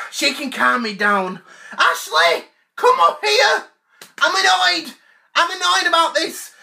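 A man's voice: extremely high pitch, vocal fry, pushed and bright, full character voice. A man playing an obsessive, whiny adult male sci-fi fanboy who stammers through fillers in a comedy sketch. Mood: outraged. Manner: indignant, whiny. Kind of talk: comedic rant to camera.

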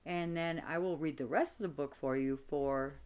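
A woman reading a children's book aloud in an expressive storytelling way. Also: low-pitched, normal speed. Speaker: reader.

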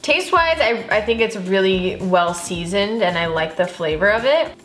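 A woman's voice: medium pitch, lively intonation, moderate pace, fairly bright tone. A woman chatting casually as a vegan taste tester, in a matter-of-fact way. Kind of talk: casual chat. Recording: roomy room with background music. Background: background music.

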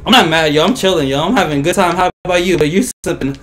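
A man's voice: fairly high pitch, rapid-fire, a crowd in the background. A young man hosting a gaming video, giving live gameplay commentary full of brash, profane, mocking trash talk.

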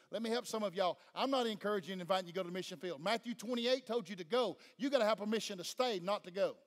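A man with a Southern US accent preaching a sermon fervently, pressing the congregation with questions. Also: sits high. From Tennessee. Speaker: pastor. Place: church sanctuary. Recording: long church-hall reverb.

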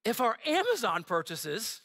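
A man preaches from the pulpit with a very high, bright voice. He talks in a loose, conversational way, cracking jokes and slipping in asides to his church. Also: wildly swooping pitch, a little slow. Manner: conversational and joking, with frequent asides. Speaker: pastor. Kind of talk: sermon. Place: church sanctuary.

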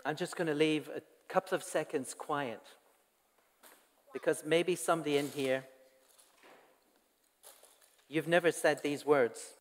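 A man's voice: a little high, fairly even intonation, a little slow, long pauses. Guy preaching in church, earnest and chatty, long echo trailing off the walls. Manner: earnest, conversational preaching with asides to the congregation. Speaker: pastor. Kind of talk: sermon. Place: church hall.

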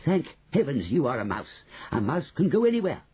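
A shrewd, bold old grandmother, put on by a male audiobook reader, who speaks slowly and with calm, knowing weight. The voice is dark and deeply breathy, with a lively swing in pitch. It suits an audiobook story. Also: full character voice, poor audio. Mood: eager. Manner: slow, measured and knowing. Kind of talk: audiobook reading.

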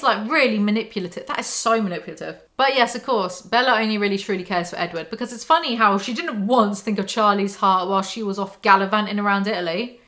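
A woman's voice: medium pitch, pushed and bright. Sarcastic woman riffing on a book. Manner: sarcastic, dry running commentary. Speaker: book commentary YouTuber. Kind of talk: reading aloud and commenting on a novel.

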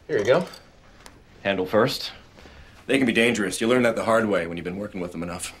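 A man's voice: on the low side, fast, a bit bright. A man in a sitcom, talking in an eager, fumbling, rambling way. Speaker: sitcom character, a bumbling would-be tough guy. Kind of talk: sitcom acting.

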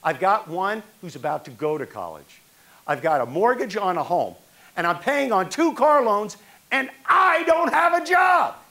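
A man playing a middle-aged baseball executive who has lost his job, pleading and then shouting. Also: a little high, big pitch swings, moderate pace, hardly any pauses. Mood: exasperated.

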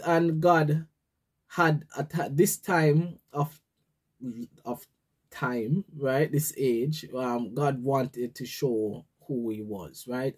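Husky Jamaican man leading devotions. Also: mid-range voice, darkish tone. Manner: conversational, often asks "right?". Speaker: devotional leader. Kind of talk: morning prayer and devotional talk.

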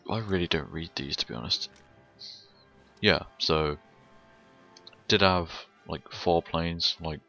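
Young British man, bright gritty tone, unhurried and sweary, rambling gamer chat with plenty of chuckles. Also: extremely low pitch, creaky, dull audio. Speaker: gameplay commentator. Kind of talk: casual gameplay commentary.

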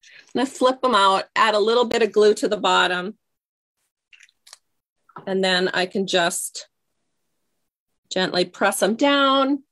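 A woman's voice: mid-range voice, slow pace, pauses often, fairly bright tone. Chatty woman demonstrating a craft project. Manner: chatty, scattered, loses her train of thought. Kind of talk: casual craft tutorial.

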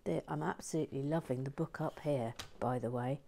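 A woman hosting a casual live stream as she builds, murmuring half-whispered asides to herself and brightening when she reads out to viewers. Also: extremely low pitch, fairly quick, vocal fry, slight background noise. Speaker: host.

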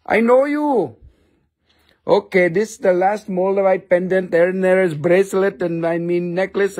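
A man's voice: high-pitched, a little mellow. A man doing a pushy broken-English gem seller. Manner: hard-sell patter in clipped broken English. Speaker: host of a live crystal sale. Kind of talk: live-stream sales comedy.

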